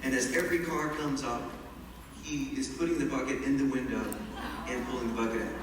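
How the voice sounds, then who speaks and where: Animated man telling a story. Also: medium pitch, a little fast, very noisy. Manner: animated, chatty, laughing at his own story. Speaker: storyteller speaking to an audience. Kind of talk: lively storytelling. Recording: echoey hall from far off, loud ambience.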